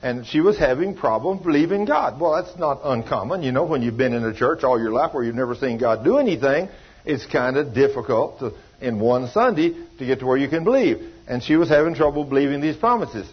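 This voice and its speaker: A man's voice: medium pitch, lively intonation, fairly quick, slightly rough, highs cut off. A man preaching a sermon, telling a story and acting out the voices of the people in it, in a folksy, down-home way. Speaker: pastor.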